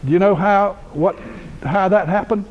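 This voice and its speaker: A Georgia man in his sixties gives a keynote storytelling speech in a university lecture hall, spinning folksy, humorous anecdotes and laughing at his own stories. His voice sits high and moves at a moderate pace, though the recording is muffled.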